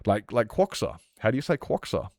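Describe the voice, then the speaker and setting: A man's voice: mid-range voice, very animated, a little fast, a little mellow, no echo, studio quality. An Australian man streaming a game, chatting casually and rambling with lots of fillers while he responds to chat.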